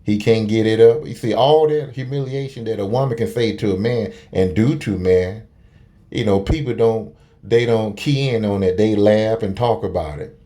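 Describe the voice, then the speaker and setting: Man, opinionated commentary, dark mellow tone, lowish voice, rambling, profane, lots of fillers. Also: normal speed. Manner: rambling, blunt, profane, many fillers and restarts. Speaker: video commentator.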